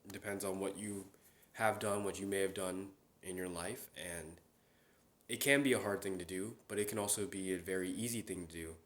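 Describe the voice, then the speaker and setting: A man's voice: low-pitched, normal speed, fairly bright tone. A young man hosting a casual solo chat. He rambles, with many fillers and restarts. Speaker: podcast host. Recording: roomy echo.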